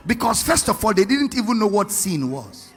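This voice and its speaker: A man's voice: high-pitched, very animated, normal speed, soft background music. A man preaching a sermon to a congregation, firing rhetorical questions and asking them to read along.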